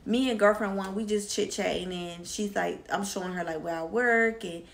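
A woman's voice: mid-range voice, moderate pace, vocal fry. A young woman, a vlogger, telling a candid, slangy story time, swearing freely as she goes. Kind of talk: casual storytime.

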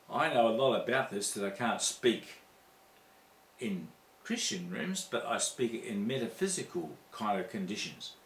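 Guy preaching a spiritual sermon on a mic, repeats himself a lot, jumps up high on the big lines, room echo. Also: a bit bright. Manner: rhythmic, repetitive, with sudden high exclamations. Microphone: handheld mic.

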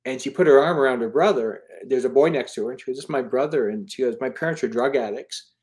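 This man, an author and charity founder in his fifties, is a fast talker with a mid-range, darkish voice. He tells stories in a casual interview, earnest but rambling, restarting often and using fillers.

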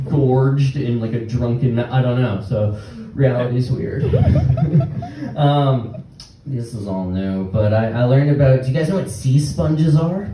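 A young man doing a rambling stand-up set with halting restarts and nervous laughs before a small live audience. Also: medium pitch, huge pitch swings, crowd noise. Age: young adult. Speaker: stand-up comedian. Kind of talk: open-mic stand-up set. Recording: very echoey room, distant mic, faint noise.

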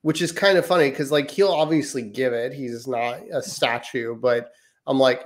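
A man co-hosting a parenting podcast, talking casually with a mid-pitched voice. He tells stories about his kids in a relaxed, wry way. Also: moderate pace. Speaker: podcast co-host.

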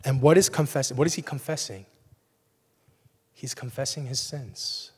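In a church sanctuary with the long reverb of the hall around him, a young pastor preaches his sermon conversationally, often checking in with "right?". His voice is medium-pitched, a little mellow and husky, at a moderate pace.

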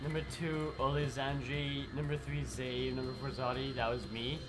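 A man's voice: medium pitch, little pitch movement, normal speed, over loud music. A man streaming a game live while sick, chatting to viewers and swearing at the game. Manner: swears and yells at the game, chats with chat. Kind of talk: live gameplay commentary.

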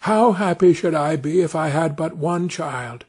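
A man voicing a gentle, wistful woodman's wife in a read-aloud fairy tale. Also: fairly high pitch, a little slow, breathy edge.

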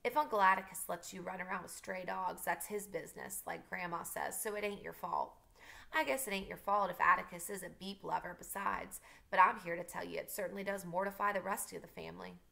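A woman's voice: fairly low pitch, steady tone, a little fast, vocal fry, pushed and bright, exaggerated voice. A woman voicing a smug, tattling young boy cousin in a read-aloud novel, with a sly, taunting manner. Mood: sneering.

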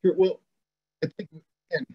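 Man, middle-aged, guest explaining hard, repeats points, dull muffled call sound. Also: moderate pace. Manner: emphatic and insistent, repeats key points. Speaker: guest, former weapons inspector. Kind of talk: conversational explanation in an online discussion. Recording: muffled lo-fi online call audio.

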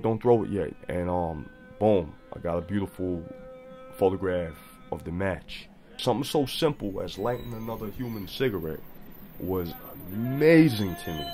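A man's voice: deep voice, darkish tone. A man, a street photographer, telling a story in a documentary voice-over, talking casually in street slang and retelling what people said.

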